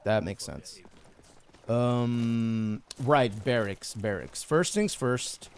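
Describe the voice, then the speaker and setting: A man's voice: mid-range voice, darkish tone, dry recording. A man streaming a game, chatting casually and joking, laughing often. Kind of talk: casual live-stream chat.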